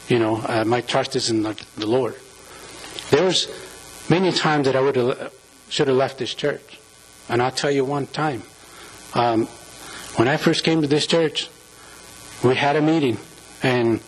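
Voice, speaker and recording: A man giving an informal sermon in a church, speaking earnestly and emotionally, close to tears, with many halting restarts and fillers. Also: medium pitch, slightly rough, poor audio. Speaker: church member preaching. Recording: mains hum under the voice.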